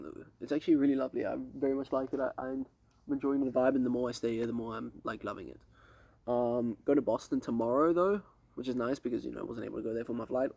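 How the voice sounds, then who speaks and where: A man's voice: medium pitch, vocal fry, dark tone. A young man from South Africa giving a casual, rambling vlog update outdoors on a lake dock at night, talking to a camera a few steps away, slangy and swearing freely. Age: young adult. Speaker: vlogger. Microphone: camera set up a few steps away.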